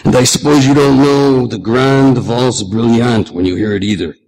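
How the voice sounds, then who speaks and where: A man reading aloud and voicing an old grandfather with a low, raspy voice, who lectures and teases about music. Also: fairly even intonation, moderate pace, a little mellow, close to an everyday voice, poor audio. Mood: teasing. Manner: teasing, lecturing.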